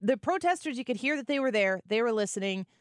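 Woman, radio co-host, animated and sarcastic, higher pitch, dry close mic. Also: quick pace, dry recording. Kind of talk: casual chat.

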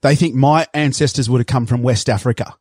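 A man's voice: mid-range voice, brisk, darkish tone, no echo, clean studio sound. A man, a podcast guest telling rambling stories with laughs. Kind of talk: casual interview chat.

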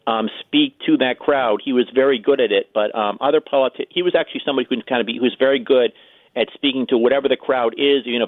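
A man's voice: mid-range voice, no echo. A man as a guest political commentator on a radio talk show, speaking casually with many fillers over a phone line. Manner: quick, chatty, many fillers. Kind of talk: radio call-in interview. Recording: tinny dry phone line.

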